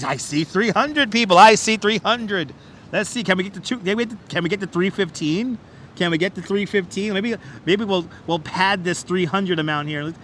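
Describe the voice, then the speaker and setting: High, bright New Yorker hyping likes. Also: male voice, a little hiss or hum. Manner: auctioneer-style hyping of like counts; playful, repetitive, chatty with viewers. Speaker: livestream host. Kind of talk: live walking-tour commentary. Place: outdoors on a city bridge. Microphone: wireless clip-on mic.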